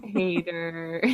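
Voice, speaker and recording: A woman co-hosting a podcast in casual crude banter, giggling often and swearing as she teases back. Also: medium pitch. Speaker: podcast co-host.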